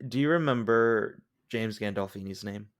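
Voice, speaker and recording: A man's voice: lowish voice, normal speed. A young man co-hosting a casual film review podcast, joking and laughing often. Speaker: podcast co-host.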